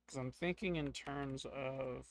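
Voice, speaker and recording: A man's voice: mid-range voice, measured pace, slight background noise. A man narrating and playing a solo tabletop game, thinking aloud as he goes.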